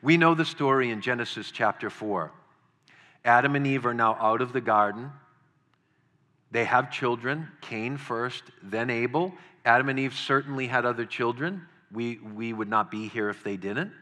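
A man's voice: mid-range voice, normal speed, pushed and bright, long reverb tail. A man preaching a sermon in an earnest way, repeating words for emphasis.

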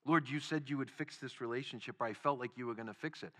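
Guy preaching, bright edgy voice, gets loud then drops way down. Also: medium pitch, quick pace, few pauses. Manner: emphatic, rising to loud stresses then dropping quiet. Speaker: pastor. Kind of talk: sermon.

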